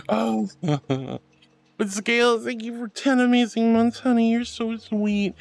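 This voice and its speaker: A VTuber streamer chatting with viewers live, affectionately calling them honey and sweetheart, moving between soft reassuring advice and high excited thanks. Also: normal speed, creaky. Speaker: VTuber livestreamer. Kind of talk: casual livestream chat reading and pep talk. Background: faint music.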